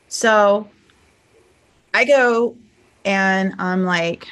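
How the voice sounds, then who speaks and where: A woman life coach talks straight to her camera in a loose, conversational teaching style. She keeps checking in with a quick "okay?" and slips into lively acted-out voices when she plays both sides of a quarrel. Her voice sits at a middle pitch for a woman. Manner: chatty, animated, frequent "okay?" check-ins, acts out arguments.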